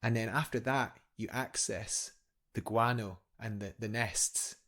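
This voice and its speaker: A man's voice: lowish voice, fairly even intonation, measured pace, a bit bright. A young man, a guest climber, telling a story eagerly in a casual interview, rambling with fillers and restarts.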